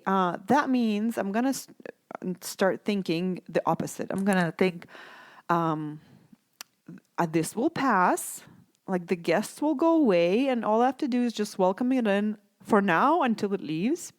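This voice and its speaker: A woman talks through a self-help podcast episode in a casual, gentle way. She tends to check in with her listeners as she goes, asking "right?" again and again. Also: medium pitch, expressive, measured pace. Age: adult mom. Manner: gentle, conversational, frequent "right?". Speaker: podcast host.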